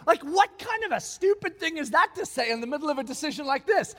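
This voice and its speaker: A man with an extremely high-pitched voice preaches a sermon, rushing through a story with barely any pauses. He's animated and emphatic, acting out the lines of the people in it, and the long reverb of a large hall surrounds him.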